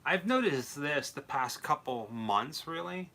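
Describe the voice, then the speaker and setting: A young man co-hosting a late-night talk show, easygoing and chatty, quick to laugh. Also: fairly high pitch, expressive, vocal fry, pushed and bright. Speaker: co-host. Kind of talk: casual late-night chat.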